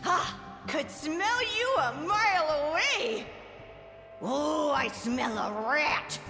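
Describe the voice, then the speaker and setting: A very high, bouncy voice for a playful rat-folk woman who giggles and sniffs at every traveler. The lines are unhurried and ring in a big echoing hall, with music underneath. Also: expressive, pushed and bright, full character voice. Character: friendly, giggly female rat-like creature who sniffs strangers. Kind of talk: video game character dialogue. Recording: reverberant game audio with music.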